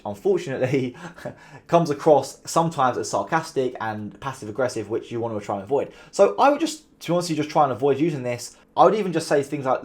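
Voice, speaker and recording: A man talking straight to camera, giving business advice in a casual, animated way and mimicking sarcastic tones to make his points. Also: on the high side, brisk. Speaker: call center founder giving business advice.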